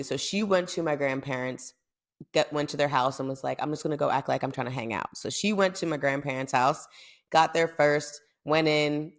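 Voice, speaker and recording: A young woman from the United States telling a story in a chatty, animated way as a podcast host. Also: deep voice, creaky. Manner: chatty, animated, lots of fillers. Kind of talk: casual storytelling.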